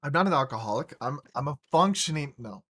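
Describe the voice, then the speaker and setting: A man hosting a gaming podcast, spinning a long casual story at a middle pitch. He swears freely and stumbles into restarts as he goes. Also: lively intonation, a bit bright, slightly rough. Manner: rambling, profane, halting restarts. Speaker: podcast host.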